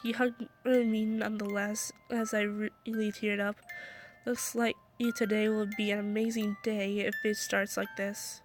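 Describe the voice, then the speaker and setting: A woman's voice: mid-range voice, little pitch movement, a little slow, soft background music. A young woman reading a fan story aloud into her phone, stumbling and restarting often, her throat scratchy. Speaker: story reader.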